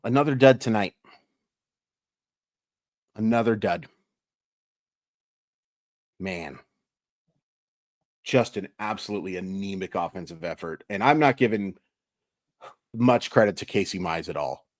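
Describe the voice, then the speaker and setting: A man talking through a baseball recap for his daily channel, tired and emphatic as he vents. His voice sits on the low side and the sound is dry and close, with no room around it. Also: animated, measured pace, long pauses, no echo. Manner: exasperated, emphatic venting. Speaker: sports YouTuber.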